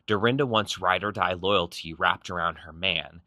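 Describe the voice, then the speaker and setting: A man's voice: low-pitched, bright, forceful tone, dry recording. A man narrating a reality show recap in a snarky, punchy scripted style. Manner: snarky, punchy, quick quips.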